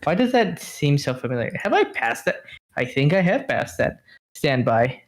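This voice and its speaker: A man's voice: fairly high pitch, sing-song, moderate pace. A man co-hosting a podcast over a voice call, chatting casually, thinking aloud and often trailing off mid-sentence. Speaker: podcast co-host.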